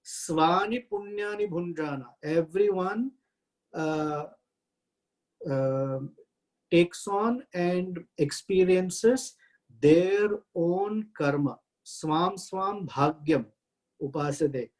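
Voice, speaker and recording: A man teaching a scripture class, reciting Sanskrit verses and translating them with many halting pauses. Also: sits high, darkish tone, rough recording. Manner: halting, frequent "uh" pauses while explaining.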